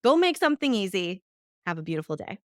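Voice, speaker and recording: A woman hosting a solo coaching podcast, energetic and upbeat, asking many rhetorical questions. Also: mid-range voice, fast talker, dry recording, clean studio sound. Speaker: podcast host and decision coach. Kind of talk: solo motivational podcast monologue.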